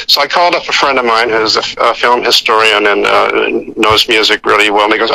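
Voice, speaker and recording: Gravelly older man telling stories. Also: mid-range voice, normal speed, pushed and bright, rough recording. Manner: rambling, many restarts, acts out quoted voices. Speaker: actor guest. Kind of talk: anecdotal storytelling.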